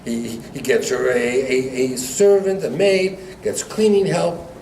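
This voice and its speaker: A man, a rabbi, teaching a Torah class to students, telling a story with lively acted-out dialogue and frequent laughter. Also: mid-range voice, unhurried. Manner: animated joke-telling, acting out dialogue, laughs often. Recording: echoey room recorded from far off, noisy.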